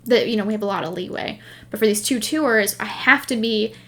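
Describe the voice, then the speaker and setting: A woman's voice: medium pitch, brisk. A woman hosting a knitting podcast, chatting casually and rambling through stories while laughing at herself. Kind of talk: casual chat.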